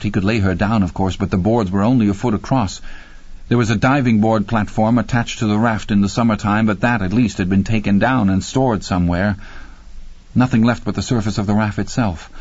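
A man narrating a horror audiobook in a measured, grim, deliberate way. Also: fairly low pitch, a little mellow, no room sound. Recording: dry, slightly muffled studio read.

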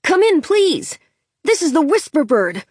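A woman's voice: sits high, very animated, measured pace, a little mellow, no room sound, clean studio sound, pitched above the performer's own voice. A woman voicing a young boy who pleads for help over a radio call, whining and desperate. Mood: pleading.

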